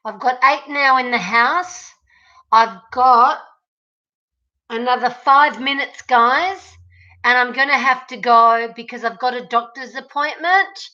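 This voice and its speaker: A woman's voice: sits high, unhurried, sharp tone, muffled recording. A woman chatting casually with viewers of her home livestream, talking straight to them through a laptop mic. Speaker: livestream host. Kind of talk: casual live-stream chat. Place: at home, moving between rooms.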